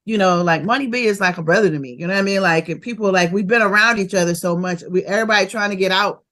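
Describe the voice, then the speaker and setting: A woman, a rapper telling stories of her early career in a casual interview, animated and quick to laugh. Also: mid-range voice. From Oakland, California. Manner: animated and laughing, fast bursts of memories.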